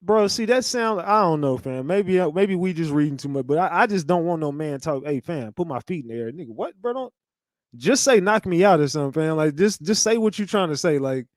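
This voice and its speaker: A man's voice: on the high side, animated, brisk, no echo, studio quality. A man hosting a reaction stream, talking bluntly in casual slang and calling the listener "fam" and "bro". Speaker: host reacting to clips. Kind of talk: casual commentary.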